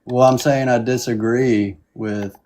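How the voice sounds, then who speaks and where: A man's voice: mid-range voice, fairly even intonation, a little slow, a little mellow. A man calling into a livestream debate, provocative and hesitant, with lots of fillers. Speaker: caller. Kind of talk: heated political call-in debate.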